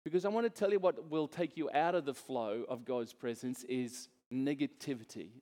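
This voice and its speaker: A man's voice: mid-range voice, normal speed, warm tone, long reverb tail. A middle-aged man preaching a sermon as a pastor, earnest and conversational, turning to the congregation with asides.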